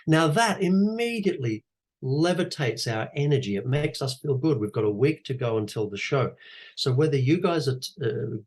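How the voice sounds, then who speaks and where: A man, an actor and teacher, giving coaching advice in an animated, conversational way and repeating his key phrases. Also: medium pitch, moderate pace, slightly rough. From Australia. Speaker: guest speaker, actor and teacher.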